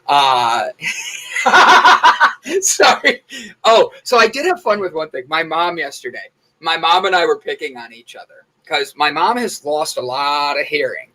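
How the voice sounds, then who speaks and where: A man's voice: on the high side, sing-song, measured pace, sharp tone, poor audio. A young man co-hosting a casual morning show, telling stories in a chatty way with lots of fillers. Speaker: co-host.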